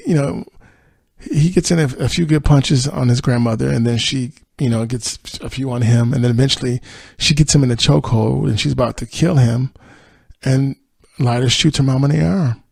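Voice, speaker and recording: A man talks through a TV episode as a podcast host, chatty and loose, full of "you know"s. His voice is gravelly and a bit husky. The sound is dry and close. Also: mid-range voice, darkish tone, dry recording. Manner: chatty, many fillers, quotes characters in his own voice. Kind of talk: casual episode recap.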